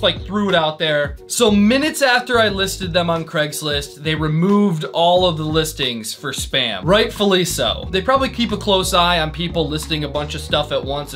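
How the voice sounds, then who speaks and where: A man with a rather high voice tells a comic story in a dry, deadpan way. He keeps it playful and now and then jumps into exaggerated voices for the people he quotes. Faint music runs underneath. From Northeastern US. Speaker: comedic prank video host. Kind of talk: comedic storytelling monologue.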